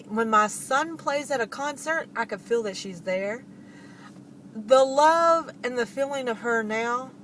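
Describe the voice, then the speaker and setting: Middle-aged woman vlogger, slightly high voice, storytelling to camera, a little off-mic with faint traffic behind. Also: far from the mic. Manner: animated, laughs often, addresses listeners directly. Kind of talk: personal storytelling.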